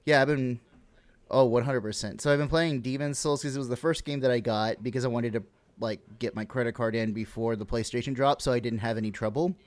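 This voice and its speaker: A man's voice: medium pitch, fairly even intonation, brisk. A young man co-hosting a podcast, rambling in a laid-back way and swearing freely. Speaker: podcast co-host. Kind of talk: casual podcast chat.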